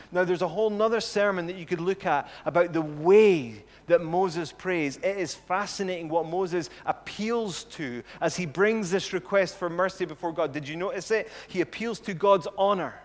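A man preaching a sermon, earnest, slowing down and growing louder on his key points. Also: on the high side. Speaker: pastor. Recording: long hall reverb.

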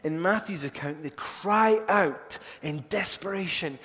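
A man preaching a sermon, earnest, building to urgent pleading and then falling soft and low. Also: very animated, unhurried, hardly any pauses. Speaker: pastor. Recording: long hall reverb.

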